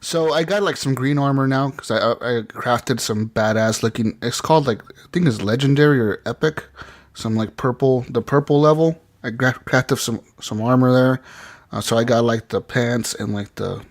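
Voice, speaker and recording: A man's voice: mid-range voice, normal speed. A man co-hosting a gaming podcast, chatting casually and animatedly, swearing often and acting out bits of game dialogue. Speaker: podcast co-host.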